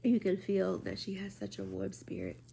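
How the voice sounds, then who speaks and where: A woman speaking casually to camera as a spiritual vlogger, halting and heartfelt, with many fillers and restarts. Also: mid-range voice, big pitch swings, vocal fry, mellow, a little hiss or hum.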